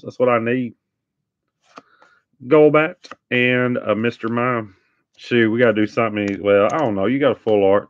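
A man's voice: medium pitch, normal speed, long pauses. A man hosting a live trading card break, chatting casually and teasing viewers with sing-song hype calls. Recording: dull lo-fi stream audio.

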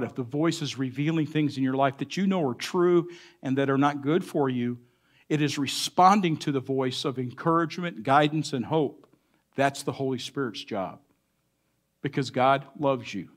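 Male pastor preaching, somewhat high-pitched, earnest and measured with emphatic swells. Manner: earnest, pausing, varies loudness for emphasis. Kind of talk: sermon.

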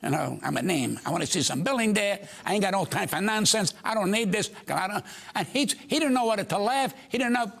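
A man's voice: high voice, lively intonation, fairly quick, gravelly, a bit bright. An older man, a comedian guest telling brash stories on a talk show and acting out the other people's voices. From United States.

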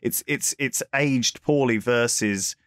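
A man co-hosting a podcast in casual chat, rambling and lively, often restarting his thoughts. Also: mid-range voice, takes it slowly, no room sound, studio quality. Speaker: podcast co-host.

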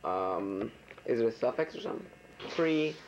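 A man at home playing charades with family, rapidly calling out guesses in casual chatter. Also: mid-range voice, expressive, a little hiss or hum. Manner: guessing rapidly aloud, trying out words. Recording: dull lo-fi home video.

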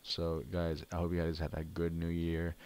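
Deep-voiced man grumbling over a game. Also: monotone, normal speed, darkish tone, clear, resonant tone. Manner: grumbling, complains about bad luck. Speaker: gaming channel host. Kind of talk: casual mobile game commentary.

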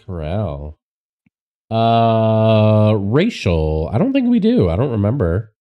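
A man co-hosting a livestream, chatting casually while solving a crossword, relaxed and halting with many fillers. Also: lowish voice, dull audio. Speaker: streamer co-host.

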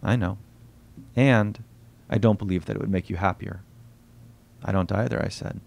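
A man reading aloud from his own novel at a bookstore event, quiet and unhurried, voicing the dialogue softly. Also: lowish voice, fairly even intonation, vocal fry.

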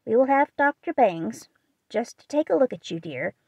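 A woman voicing a brisk, folksy older housekeeper. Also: a little high, expressive, gravelly, darkish tone, breathy edge, dry recording, voice pushed up, full character voice. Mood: reassuring. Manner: folksy, practical, commanding. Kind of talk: audiobook reading.

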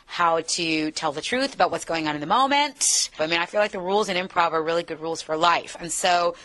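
An American actress in a casual interview, talking in an animated, playful way. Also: female voice, lowish voice, fairly quick. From United States. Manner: animated, playful, slips into accents.

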